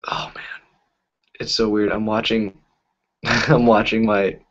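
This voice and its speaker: A man's voice: fairly low pitch, flat delivery, slow, a bit bright. A man who is a magician, chatting casually on a live stream and telling rambling stories full of fillers. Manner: rambling, filler-heavy storytelling. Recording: dull lo-fi audio.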